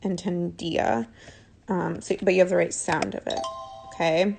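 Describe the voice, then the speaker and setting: Woman teacher, gentle and encouraging, gravelly edge, phone mic. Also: on the low side, little pitch movement, moderate pace, slight background noise. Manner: patient, encouraging, corrects answers gently. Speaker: Spanish teacher. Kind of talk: live online lesson.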